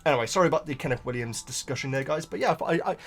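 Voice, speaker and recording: A man's voice: mid-range voice, rapid-fire. A man chatting casually on his own channel, rambling with many restarts between topics. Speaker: book reaction host. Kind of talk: casual chat while reading.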